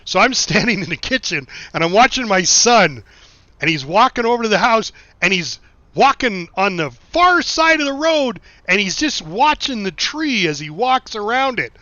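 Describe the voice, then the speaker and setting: A man's voice: high-pitched, sing-song, moderate pace, bright, forceful tone, dry recording. A middle-aged man from the United States, a game streamer who tells rambling, swear-laced anecdotes and reads chat in a casual live-stream chat. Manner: rambling anecdotes, frequent swearing and laughing asides. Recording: dull lo-fi stream mic, dry.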